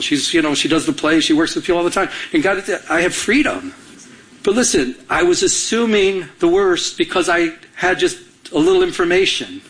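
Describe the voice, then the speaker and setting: A middle-aged man from Michigan, a pastor, preaching a sermon. His voice sits a little higher than most men's, and he tells his story with animation, acting out his own lines as he goes. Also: a bit bright.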